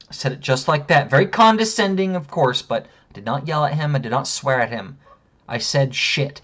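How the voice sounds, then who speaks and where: A man's voice: mid-range voice, lively intonation, moderate pace, fairly bright tone, muffled recording. A man telling a story in an angry, profane rant, heated and indignant. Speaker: vlogger.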